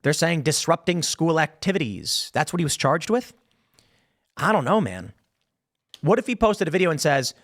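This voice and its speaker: A man's voice: fairly high pitch, lively intonation, quick pace, fairly bright tone. A man hosting a show, giving casual, opinionated commentary with lots of rhetorical questions. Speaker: show host.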